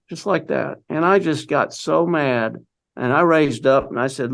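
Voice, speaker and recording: An older man with a gravelly edge sits as an interview guest, spinning a long personal story. He talks loosely and rambles, circling back with "you know" and restarting his thoughts, at an ordinary middle pitch. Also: unhurried. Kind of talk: conversational storytelling.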